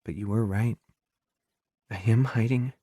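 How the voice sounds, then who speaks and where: A man's voice: lowish voice, unhurried, no echo, clean studio sound. A man voicing a tearful, frightened young woman. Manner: soft, pleading, teary.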